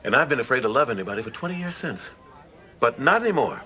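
A man's voice: mid-range voice, very animated, fast talker, sharp tone. A wounded man facing his ex. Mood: earnest. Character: wounded grown man confronting his ex, resolved.

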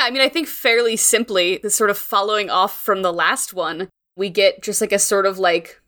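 A young woman playing in a tabletop game, talking casually and thinking out loud as she describes her character's moves. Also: medium pitch. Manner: relaxed, thinking aloud with fillers. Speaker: player.

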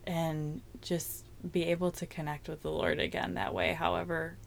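A woman's voice: sits low, little pitch movement, normal speed, gravelly, slight background noise. Woman, 30s, podcast guest, candid and reflective. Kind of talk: faith-based conversation.

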